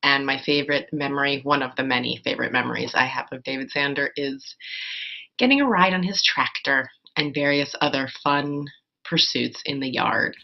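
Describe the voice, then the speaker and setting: A woman with a very deep, gravelly voice speaks quickly and fondly. The recording is dull and lo-fi. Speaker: friend giving a birthday tribute.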